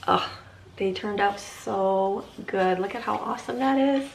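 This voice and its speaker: A woman's voice: medium pitch, a little slow, vocal fry. A middle-aged woman vlogging from her home in a chatty, rambling way, laughing often. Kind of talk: casual chat. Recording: echoey room with faint ambient noise.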